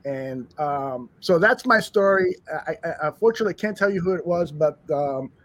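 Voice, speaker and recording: A man co-hosting a casual sports talk show, telling stories in an animated way with many restarts. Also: a little high, normal speed. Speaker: podcast co-host. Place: studio bar room.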